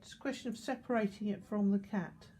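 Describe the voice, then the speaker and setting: An older woman gives a calm, explanatory watercolour demonstration, talking through each step as she paints. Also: medium pitch, quick pace, slight background noise. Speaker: art teacher.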